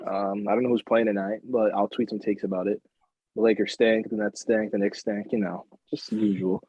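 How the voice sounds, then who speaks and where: Blunt, husky podcast guy. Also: lowish voice, little pitch movement, brisk, darkish tone, dry recording. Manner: blunt, teasing, swears casually. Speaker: podcast co-host. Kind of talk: casual chat. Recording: dry, dull-sounding mic.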